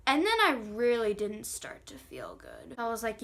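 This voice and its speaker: A young woman vlogger telling a dramatic personal story, animated and acting out the quotes. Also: on the high side, normal speed, vocal fry, few pauses. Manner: animated storytelling, quoting others in acted voices. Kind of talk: storytime vlog. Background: faint background music.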